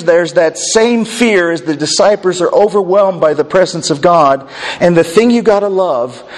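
A man preaching a sermon, swinging between emphatic declarations and hushed, slow phrases. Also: on the high side. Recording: long reverb of a large hall.

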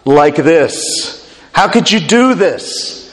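An anxious mother scolds her missing child, as a preacher reads her words. He keeps his own fairly high voice. The sound rings out with a long hall reverb. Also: expressive, extremely slow. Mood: reproachful. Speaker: preacher voicing a quote.

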